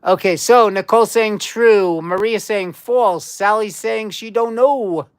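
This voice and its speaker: A woman's voice: mid-range voice, unhurried, smooth. Chatty woman hosting a live trivia quiz. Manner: chatty, repeats herself, addresses viewers as guys. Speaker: livestream trivia quiz host. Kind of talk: casual live-stream chat.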